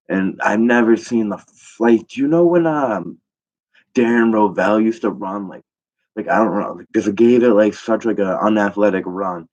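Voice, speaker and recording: Deep-voiced man rambling through a profane story. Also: a little mellow. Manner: profane, rambling, full of fillers. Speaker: comedian. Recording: dull lo-fi recording.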